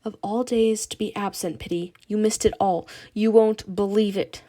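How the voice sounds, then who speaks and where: Woman doing Darlene, brisk gossipy teen girl. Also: medium pitch, fairly even intonation, dark tone, close to an everyday voice.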